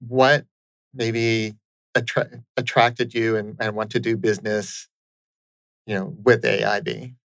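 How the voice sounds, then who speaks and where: A man's voice: fairly low pitch, flat delivery, slow, creaky, a bit bright, no echo, low-quality recording. A man hosting a conversational interview, earnest and affirming, often checking in with "right?". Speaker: interviewer host.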